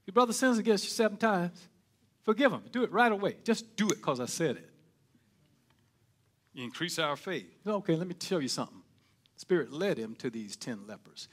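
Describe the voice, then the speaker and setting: A man a sermon, dropping to hushed murmurs and then rising to shouted, ringing cries. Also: high voice. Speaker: preacher.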